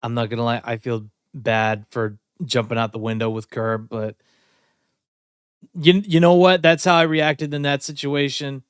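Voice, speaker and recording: A man streaming, reacting to music in casual chat, often breaking into laughter and thinking out loud. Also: medium pitch, level tone, normal speed, smooth, no room sound, studio quality.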